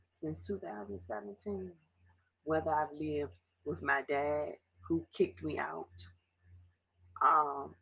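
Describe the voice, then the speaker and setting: A middle-aged woman from Baltimore in an emotional confessional vlog, tearful and halting, sometimes dropping to a near whisper. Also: low voice, vocal fry, a bit bright, breathy edge, poor audio. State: tearful, fighting back tears. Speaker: vlogger.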